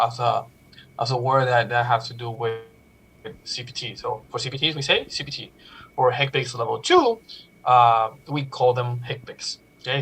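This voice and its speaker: Male instructor, live-streamed lecture, halting delivery with frequent fillers, mid-range voice. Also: medium pitch, a bit bright, rough recording. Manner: halting, many "uh" fillers and restarts. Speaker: medical coding instructor.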